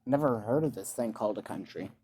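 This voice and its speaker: A man voicing a quiet, matter-of-fact teenage girl in a spoken fan-fiction story, speaking flatly and softly. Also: fairly low pitch, fast, a little hiss or hum, natural voice. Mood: deadpan. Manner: flat and quiet.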